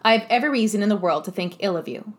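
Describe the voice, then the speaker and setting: A woman's voice: mid-range voice, rapid-fire, close to an everyday voice. A woman voicing a spirited young woman in an audiobook, articulate and impassioned. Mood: indignant. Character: spirited young woman, indignant and sharp-tongued. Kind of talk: audiobook character voice.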